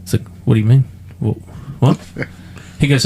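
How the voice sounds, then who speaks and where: A man's voice: mid-range voice, steady tone, normal speed, hardly any pauses, darkish tone, a little hiss or hum. A man with an Australian accent, hosting a podcast and telling a sweary, ranting story in casual chat. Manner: sweary, ranting anecdote with put-on quotes. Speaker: podcast host. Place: podcast studio.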